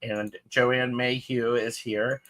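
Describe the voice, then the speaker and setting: A man's voice: medium pitch, flat delivery, slow pace, fairly bright tone. A man co-hosting a live tarot show, chatting casually and reading out viewer comments. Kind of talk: casual chat on a live stream.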